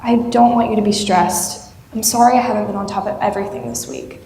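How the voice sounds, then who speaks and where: A woman's voice: mid-range voice, steady tone, brisk, creaky, dark tone, slight background noise, close to an everyday voice. Woman playing a wistful young bride-to-be. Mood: soothing. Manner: wistful and self-mocking. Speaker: student actor. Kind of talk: stage play monologue. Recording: echoey hall from far off, faint ambience.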